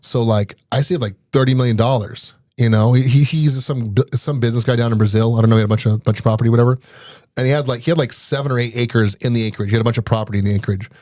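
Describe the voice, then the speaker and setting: A middle-aged man races through his stories in a quick, eager patter, laughing as he goes. His voice sits at an ordinary pitch and sounds close and dry, with no room around it. He talks like a podcast guest recounting his work over casual chat. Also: no echo. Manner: rapid, animated anecdotes broken up by laughter. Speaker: podcast guest, IT business owner. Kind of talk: casual storytelling in an interview.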